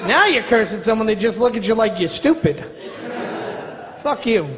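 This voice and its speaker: Brash, profane high-voiced man on stage. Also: expressive, fast talker, highs cut off, a crowd in the background. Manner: brash, profane, mock-outraged. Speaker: stand-up comedian. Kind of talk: stand-up comedy set. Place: comedy club stage before a live audience. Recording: reverberant club with audible ambience.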